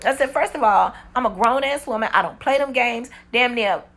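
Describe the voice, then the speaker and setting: A woman in her forties telling a storytime vlog in a blunt, profane, animated way. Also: on the high side, moderate pace. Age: 40s. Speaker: vlogger. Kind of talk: casual storytime monologue.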